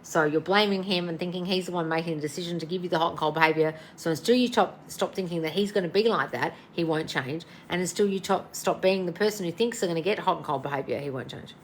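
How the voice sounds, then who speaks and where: A woman's voice: lowish voice, quick pace, few pauses, a little hiss or hum. A tired woman coach answering listener questions in a casual livestream, blunt and swearing, calling everyone darling. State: tired and yawning. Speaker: manifestation coach.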